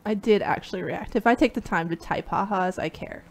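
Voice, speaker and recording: A woman's voice: medium pitch, a little fast, breathy edge. Brief: young woman, stream co-host, chatty, lots of "like". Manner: chatty, uses "like" a lot, laughs easily. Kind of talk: casual chat.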